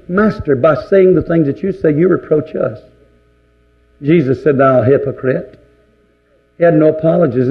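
Gravelly-voiced preacher, lo-fi. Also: male voice, fairly high pitch. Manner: fervent preaching, volleys of rhetorical questions. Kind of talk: sermon. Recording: dull lo-fi recording.

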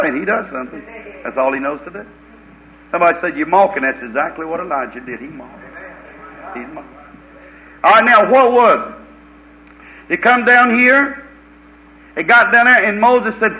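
A man preaching a fiery, folksy revival sermon, swinging from loud preaching to low muttered asides. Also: lively intonation, fairly quick. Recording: dull lo-fi old recording.

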